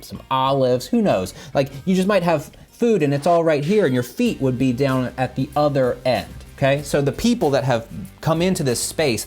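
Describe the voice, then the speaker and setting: Lively man telling kids a Bible story. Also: medium pitch. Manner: animated, explains to children and checks in with "okay?". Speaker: children's Bible teacher.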